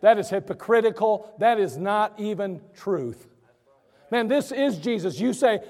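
A man's voice: high-pitched, expressive, a little slow, a little mellow, in a large hall. A male pastor preaching a sermon in an emphatic, conversational way, acting out his listeners' objections. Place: church.

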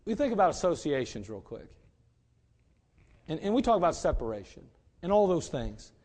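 A man's voice: fairly high pitch, sing-song, normal speed, darkish tone. A middle-aged man, a pastor, preaching emphatically and telling a story. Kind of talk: sermon.

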